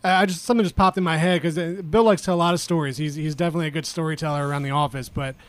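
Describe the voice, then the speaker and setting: A man's voice: fairly high pitch, fairly even intonation, rapid-fire, dry recording. A man co-hosting a home-improvement talk show in an easygoing, agreeable manner. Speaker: co-host. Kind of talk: casual radio chat.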